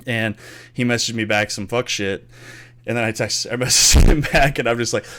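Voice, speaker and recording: Against a noisy background, a young podcast host with a mid-range voice tells gaming stories at a moderate pace. His casual storytelling is animated, with loose swearing and quotes he acts out.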